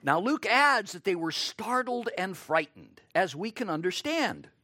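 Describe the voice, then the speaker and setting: Slow, lively-voiced male preacher. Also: high voice, no room sound, studio quality. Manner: expressive, acts out quoted lines; rhetorical questions to the listeners. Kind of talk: sermon.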